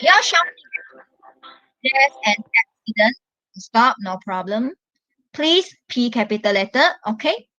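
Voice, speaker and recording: A woman from Malaysia giving an online English lesson, explaining step by step in a slow, patient way and stressing the key words. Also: a little high, a bit bright, dry recording, rough recording. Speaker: English teacher.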